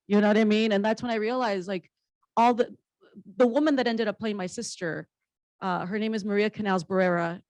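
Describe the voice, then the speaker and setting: A woman's voice: medium pitch, a little mellow, dry recording, rough recording. A woman comedian and actress on a panel, telling stories in a blunt, humorous, candid way and swearing casually. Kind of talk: candid conversational storytelling.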